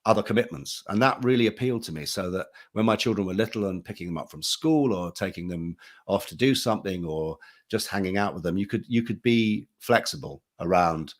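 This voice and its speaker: A man's voice: low voice, lively intonation, brisk. A man, an actor and audiobook narrator speaking casually and anecdotally on a panel. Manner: conversational, anecdotal, with many restarts.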